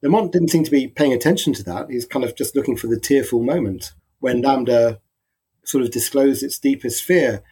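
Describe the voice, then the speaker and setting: Stammering husky man philosopher. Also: medium pitch, moderate pace, warm tone. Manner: stammering, restarts, amused. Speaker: philosophy panelist. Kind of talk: casual academic discussion.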